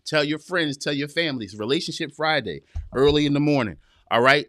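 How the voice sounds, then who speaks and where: Man, podcast host, animated, preachy, direct to viewers, dry close sound. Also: fairly high pitch, fairly quick, no echo. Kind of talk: live-stream podcast talk, reading chat.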